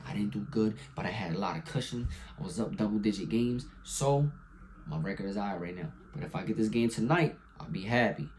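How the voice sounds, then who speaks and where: A young man giving his weekly football picks in a casual, profane monologue, jumping between loud hype and quiet mumbling. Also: a little fast, slight background noise. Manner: hyped and profane, swinging from loud excitement to low mumbles. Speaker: sports picks vlogger. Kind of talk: casual sports prediction monologue.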